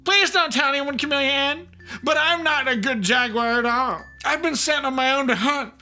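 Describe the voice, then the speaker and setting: A shy female jaguar with a cold, voiced by a reader in a children's storybook. Her voice is nasal and growling, sniffling between words, pitched high with lively jumps. The tone is bright. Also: unhurried, vocal fry, faint music behind, full character voice. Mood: sweet. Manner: sweet and sniffling.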